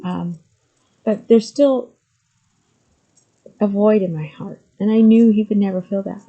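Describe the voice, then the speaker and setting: A woman's voice: mid-range voice, fairly even intonation, measured pace, phone-quality sound. A middle-aged woman talking candidly to the camera, with frequent ums, moving between hesitant and emphatic speech. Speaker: vlogger sharing personal story. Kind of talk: candid personal talk to camera.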